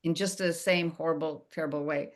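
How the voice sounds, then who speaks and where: A woman moderator with a fairly low voice leads the questions after a talk. She speaks conversationally and keeps checking in with the room. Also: fairly even intonation, a little fast. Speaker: event moderator.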